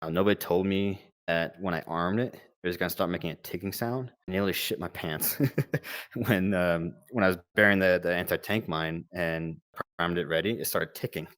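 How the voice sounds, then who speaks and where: Young guy, very low voice, dry close sound; casual, rambling war storyteller. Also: steady tone, moderate pace, fairly bright tone, no echo. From United States. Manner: laid-back, rambling, lots of fillers and quoted dialogue. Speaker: former Marine combat medic recounting war experience.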